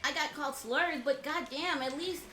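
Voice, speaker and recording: A woman from Georgia in the US, a guest on a game stream, venting in blunt, profane talk with halting restarts. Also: sits high, pushed and bright, slight background noise. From Georgia, USA. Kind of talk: casual chat on a game stream. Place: home room. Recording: roomy echo.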